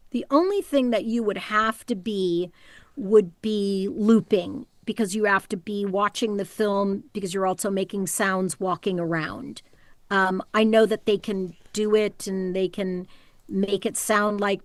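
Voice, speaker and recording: Woman, middle-aged voice actor, animated storyteller, casual interview, dry close sound, home booth. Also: medium pitch, a little slow, dry recording. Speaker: voice actor guest.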